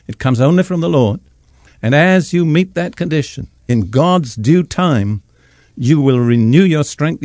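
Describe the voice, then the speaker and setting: Slow, measured male preacher. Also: fairly high pitch, darkish tone, no room sound, clean studio sound. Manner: slow, measured scripture reading. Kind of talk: radio sermon teaching.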